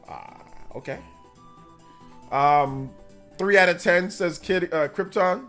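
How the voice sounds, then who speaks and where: High-voiced man rambling on a livestream. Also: slow, long pauses, fairly bright tone, faint music behind. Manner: rambling and laughing, reading donation messages aloud. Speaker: streamer. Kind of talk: casual livestream reaction chat.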